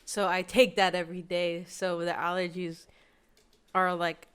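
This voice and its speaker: Chatty young woman, smooth clear voice. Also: on the low side, a little slow. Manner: chatty, animated, laughs often. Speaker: podcast co-host. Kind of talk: casual chat.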